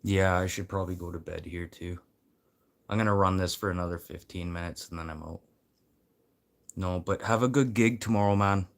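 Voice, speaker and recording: A man rambling casually to his livestream viewers, swearing freely and swinging from low mutters to loud encouragement. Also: steady tone, normal speed.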